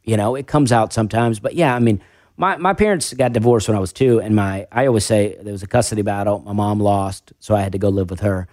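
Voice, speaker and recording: A man's voice: on the low side, fast talker, darkish tone, dry recording, clean studio sound. A man with a faint Southern accent, a stand-up comedian talking casually on a podcast, rambling and self-deprecating with lots of restarts. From American South.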